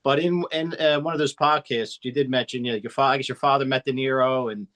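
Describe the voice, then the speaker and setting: A man hosting a podcast with a mid-pitched voice. He asks his guest casual questions in a halting way, restarting his sentences often. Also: steady tone, a bit bright. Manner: halting, with many restarts and fillers. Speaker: podcast host.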